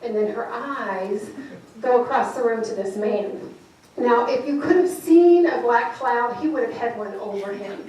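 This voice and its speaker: Brief: high-pitched woman, lively motivational speaker telling stories, heard from far off in a reverberant hall. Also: measured pace, slight background noise. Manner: animated, laughing often, acts out voices in her stories. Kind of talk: storytelling keynote speech. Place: large event hall with audience.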